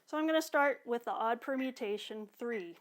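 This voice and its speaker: A woman teaching drum exercises, calmly cueing each one while she plays. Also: on the high side, moderate pace, very noisy. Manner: calm, counts and cues exercises while playing. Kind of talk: instructional demonstration. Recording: talk over loud drumming and metronome.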